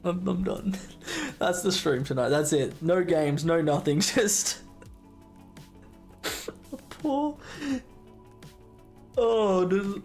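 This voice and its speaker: A woman chats on her livestream, giggling through a story at an unhurried pace. Her pitch swings widely, and faint music plays behind her. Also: lively intonation, vocal fry, a little mellow. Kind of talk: casual stream chat.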